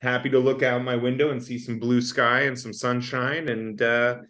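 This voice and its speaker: A man's voice: mid-range voice, flat delivery, moderate pace, fairly bright tone. A man, an actor from Canada, chatting as a guest on a podcast over a video call, joking and self-deprecating. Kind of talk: casual chat.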